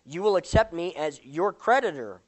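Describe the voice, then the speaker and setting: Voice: medium pitch, lively intonation, normal speed, natural voice. A speaker reading a parable aloud and voicing a kind male friend who steps in to pay the debt. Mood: calm. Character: calm kind male mediator offering to pay.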